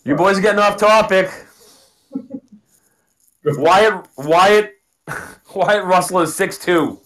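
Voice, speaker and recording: A man's voice: high-pitched, slow, fairly bright tone. A man co-hosting a casual movie podcast, chatty and laughing often as he works from his notes. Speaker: podcast co-host. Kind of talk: casual movie review chat.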